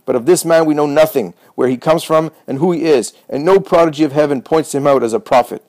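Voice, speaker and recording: A man's voice: mid-range voice, brisk, darkish tone, dry recording, natural voice. A man voicing scornful male Pharisee elders who scold in a raised voice. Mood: furious.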